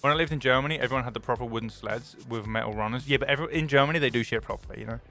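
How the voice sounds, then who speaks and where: A young British man chatting casually on a stream, excitable and swearing freely, swinging between loud enthusiasm and mock gloom. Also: medium pitch, rapid-fire, faint music behind.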